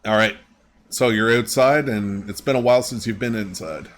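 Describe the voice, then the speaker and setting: A man running a tabletop game as game master, relaxed and rambling, with many fillers. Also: lowish voice, moderate pace, slight background noise.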